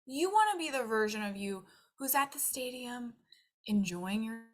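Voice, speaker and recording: A young adult woman, a nutrition and weight loss coach, giving casual coaching advice in an animated way and acting out her own inner thoughts. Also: on the high side, moderate pace.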